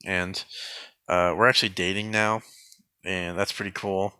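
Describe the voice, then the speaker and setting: A man giving a sarcastic mock film review in a deadpan, rambling way, full of fillers and restarts. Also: low voice, unhurried, clear, resonant tone, dry recording.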